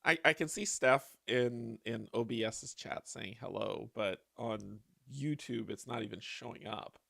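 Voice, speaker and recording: A man hosting a livestream, his voice hoarse and raspy with a heavy gravelly fry. He chats loosely with viewers and laughs often. The sound is dry and close, with no room echo. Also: medium pitch, measured pace, pushed and bright. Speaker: host. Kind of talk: casual livestream chat.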